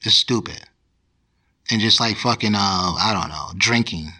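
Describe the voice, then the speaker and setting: Profane ranting man, bright voice. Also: lowish voice, measured pace. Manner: profane, animated, repeats words and restarts. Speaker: podcast host. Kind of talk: casual ranting commentary.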